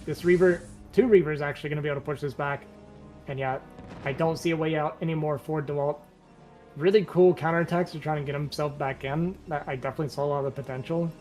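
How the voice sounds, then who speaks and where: A man doing live play-by-play commentary on a strategy game match in a flat, monotone way, his voice a bit worn from losing it recently. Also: on the high side, quick pace, soft background music. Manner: self-described monotone, relaxed. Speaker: esports caster.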